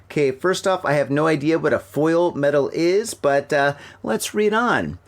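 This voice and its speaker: A middle-aged American man hosting a casual news chat from home, rambling and joking as he reads stories haltingly. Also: a little high, lively intonation. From United States. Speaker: podcast host. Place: home room with a fan running. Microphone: laptop mic.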